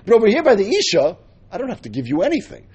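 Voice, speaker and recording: Lively husky-voiced man teaching Talmud. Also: high-pitched, rapid-fire, dull audio. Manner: explains step by step, mixing Hebrew and Aramaic terms. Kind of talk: Talmud lesson.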